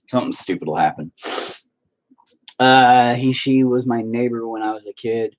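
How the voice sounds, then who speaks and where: Husky, profane man ranting. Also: mid-range voice, normal speed. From Oklahoma. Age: 40s. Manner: profane, heated, animated storytelling. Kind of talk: casual rant.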